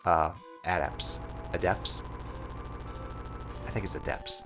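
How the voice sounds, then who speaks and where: A man with a very deep voice walks through the game in loose, playful banter with his co-host. Quiet game music runs in the background. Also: fairly even intonation, slow pace. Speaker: let's play host. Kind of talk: casual game commentary.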